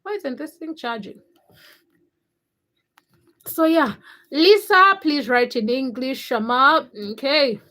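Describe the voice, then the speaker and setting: A woman's voice: high voice, takes it slowly, long pauses, bright, forceful tone. A young woman hosting a casual livestream, greeting viewers by name between stretches of personal storytelling. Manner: reads viewer names and greets them, then tells a personal story. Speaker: livestream host.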